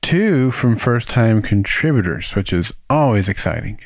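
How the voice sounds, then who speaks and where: A man's voice: fairly low pitch, measured pace, gravelly, dry recording. A man hosting a podcast, chatting casually and jokily while recapping and reading listener mail. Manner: jokey, animated recapping. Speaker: podcast host.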